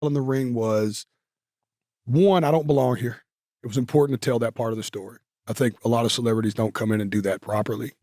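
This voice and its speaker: A man's voice: mid-range voice, fairly even intonation, fast, warm tone, no room sound. A man, telling stories casually as an interview guest, with lots of fillers. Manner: drawling Southern talk with many fillers.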